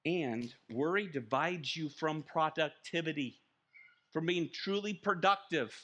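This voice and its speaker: A man preaching a sermon as pastor, animated and acting out little scenes. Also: on the high side, a little slow. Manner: animated, acts out little scenes with shouted voices. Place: church.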